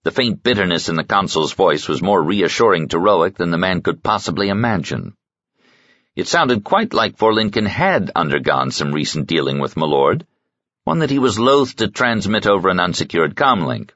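A man reading a novel as an audiobook narrator, with an expressive, varied delivery. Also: low-pitched, moderate pace, no room sound, muffled recording.

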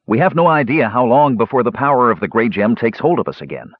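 A man's voice: mid-range voice, lively intonation, fast talker, no room sound, highs cut off, voice pushed up, close to an everyday voice. A man doing a panicky, weary young warrior. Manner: complaining, bitter, practical.

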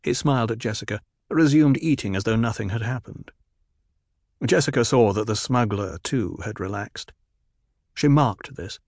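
A man narrating a story in a steady, even storytelling manner. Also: fairly low pitch, normal speed, no room sound, clean studio sound. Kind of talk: scripted audiobook narration.

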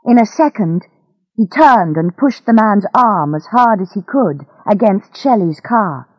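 A woman reading a graded-reader story aloud in a slow, careful, clear way. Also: medium pitch, expressive, no room sound, dull audio. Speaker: narrator. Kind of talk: graded-reader audiobook narration.

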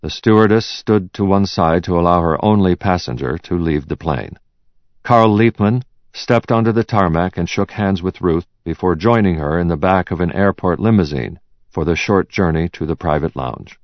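A man reading a thriller audiobook in a measured storytelling manner. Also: deep voice, no room sound. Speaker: audiobook narrator. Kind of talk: scripted narration. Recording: dull, slightly muffled audio.

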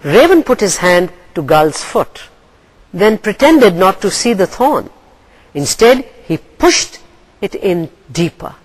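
Reading a story and then going over comprehension questions, an English lecturer from Pakistan speaks deliberately and expressively. She has a medium-pitched voice, captured on a low-quality recording.

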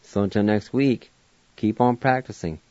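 A man's voice: fairly low pitch, moderate pace, mellow, no room sound, muffled recording. A man hosting a radio language lesson, spelling out words letter by letter and pronouncing them patiently. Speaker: language teacher on a radio show. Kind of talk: slow spelling and pronunciation lesson.

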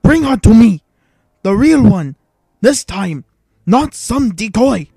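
A man's voice: on the high side, normal speed, dry recording, natural voice. Nute Gunray, a man doing a blustering alien viceroy. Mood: enraged. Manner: blustering, orders shouted in rising anger. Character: scheming alien male viceroy, blustering and arrogant.

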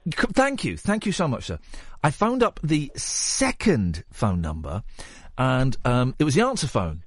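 Male radio host, teasing and rambling, lively up-and-down voice, dry close sound. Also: a little high, normal speed, dry recording. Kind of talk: casual radio chat. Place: radio studio.

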